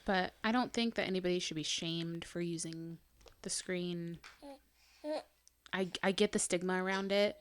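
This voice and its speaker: A young adult woman, a mother and podcast co-host, chats casually in a low, steady voice at normal speed. Her talk is loose and chatty, peppered with plenty of "like" and "um."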